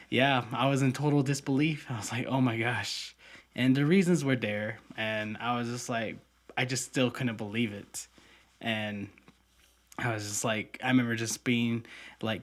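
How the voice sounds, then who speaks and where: A man's voice: medium pitch, steady tone, measured pace. A young man co-hosting a podcast, telling a personal story in an earnest, heartfelt way with many fillers. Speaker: podcast co-host. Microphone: podcast mic.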